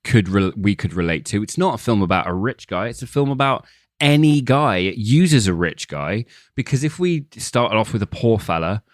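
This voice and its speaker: A man co-hosting a film podcast, explaining his views in a measured, reflective way. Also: fairly low pitch, expressive, dry recording, clean studio sound. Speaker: podcast co-host. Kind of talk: casual podcast chat.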